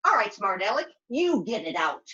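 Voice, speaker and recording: A woman puppeteer voicing a chatty, excitable young girl who talks in quick, sassy bursts during a puppet show. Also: medium pitch, highs cut off. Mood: sassy, excited. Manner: breathless, sassy, quick to exclaim.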